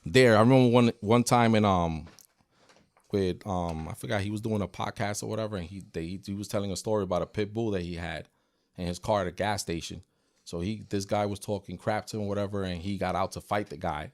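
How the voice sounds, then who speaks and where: A man working as a dog trainer, chatting on a podcast and telling lively stories that act out dogs and people. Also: on the low side, brisk, no echo, studio quality. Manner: animated storyteller, acts out dogs and people. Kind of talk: casual podcast chat.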